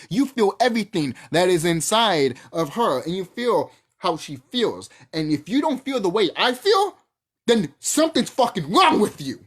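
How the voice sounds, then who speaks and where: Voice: medium pitch, breathy edge. A channel host ranting off the cuff to camera, profane and heated, often restarting sentences mid-thought. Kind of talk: unscripted rant to camera.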